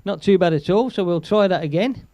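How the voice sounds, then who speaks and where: Laughing often, a man from England rambles through a casual live stream and reads viewer comments out loud. His high-pitched, dark voice moves fairly quickly, and the recording is muffled with no room sound.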